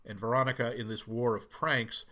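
Bright-voiced man chatting about films. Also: mid-range voice, fairly even intonation, normal speed. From Boston area. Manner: quotes film lines in put-on voices, laughs often. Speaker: podcast co-host. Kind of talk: casual movie discussion.

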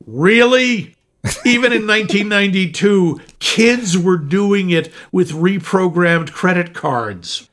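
A man's voice: high-pitched, slow pace, a bit bright. A man co-hosting a casual movie review podcast, dry and sarcastic as he explains how hacking really works. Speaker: podcast co-host.

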